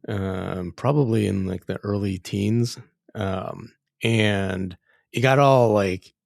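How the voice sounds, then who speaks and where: An easygoing man co-hosting a casual podcast, speaking in a low voice with a lot of gravelly fry. He trails off quietly and fills pauses with hesitant ums. The recording is dry and close. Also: fairly even intonation, dry recording. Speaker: podcast co-host. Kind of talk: casual chat.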